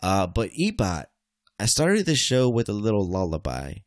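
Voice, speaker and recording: A man's voice: lowish voice, wildly swooping pitch, moderate pace, no echo. A man hosting a casual podcast, joking and swearing, with sudden mock-angry outbursts. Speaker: podcast host.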